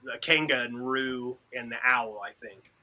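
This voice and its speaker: Bright-voiced man telling stories casually. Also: mid-range voice, moderate pace. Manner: animated storyteller who quotes others. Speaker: podcast participant. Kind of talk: casual chat.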